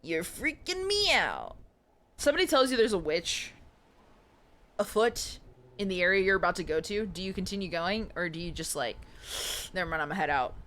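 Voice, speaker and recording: Young woman streamer joking with chat, bright voice, pitch bouncing around. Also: big pitch swings, moderate pace. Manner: playful, joking, chatty with chat. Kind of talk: casual live game commentary.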